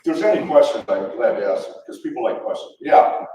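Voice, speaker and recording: With a fairly low, mellow and expressive voice, an older man from near Detroit briskly recounts football stories at a luncheon, rambling, chuckling and restarting repeatedly. Slight background noise accompanies the distant, echoey event-hall recording.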